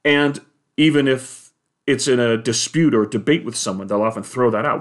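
A man giving a measured, explanatory monologue on faith and science, with the odd hesitation. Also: mid-range voice. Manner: measured, explanatory, with occasional filler "uh".

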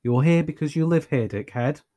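A man voicing a sharp-tongued, sarcastic young woman who snaps back loudly. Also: mid-range voice, brisk, voice pushed up, close to an everyday voice. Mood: furious. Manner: indignant, sarcastic, loud outbursts.

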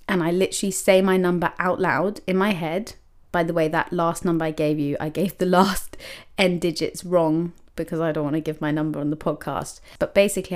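A young woman hosting a podcast, telling a personal story in a lively, chatty way full of "like" and acted-out quotes of herself. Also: fairly low pitch. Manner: animated, many likes and quoted self-talk. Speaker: podcast host.

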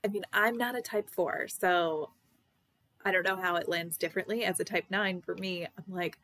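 A woman's voice: on the low side, normal speed, a bit bright, no room sound. A woman co-hosting a casual podcast, talking in a reflective, easygoing way. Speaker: podcast co-host.

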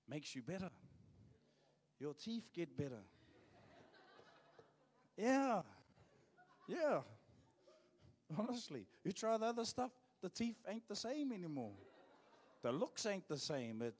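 Joking man preaching in a church hall. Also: a little high. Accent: New Zealand. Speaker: pastor. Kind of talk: sermon.

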